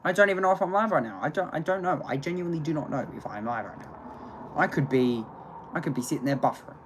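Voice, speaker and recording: A man's voice: a little high, lively intonation, quick pace, background noise. A man doing amateur live-stream race commentary in a chatty way, breaking into exclaimed, rambling frustration.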